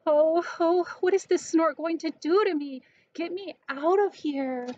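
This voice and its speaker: A woman's voice: sits high, expressive, measured pace, pitched above the performer's own voice. A woman voicing a small, lost baby bird with an eager, pleading manner. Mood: scared. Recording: dull lo-fi recording.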